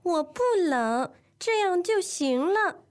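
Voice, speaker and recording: A woman doing a reluctant kid in a scripted language-lesson dialogue, high-pitched and slow, with short, grudging replies. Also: expressive, full character voice. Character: reluctant child bundled up by a parent.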